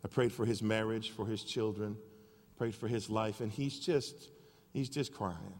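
Storytelling pastor in a reverberant hall. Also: male voice, fairly low pitch, measured pace. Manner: animated storytelling. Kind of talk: sermon. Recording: long reverb of a large hall.

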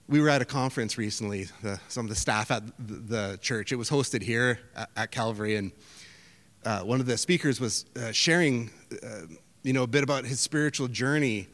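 A man preaching from the pulpit in a relaxed, conversational style, stumbling and restarting as he goes. His voice sits at a middle pitch and rings with a long hall reverb. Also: brisk. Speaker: pastor. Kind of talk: sermon. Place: church hall. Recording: echoey church hall.

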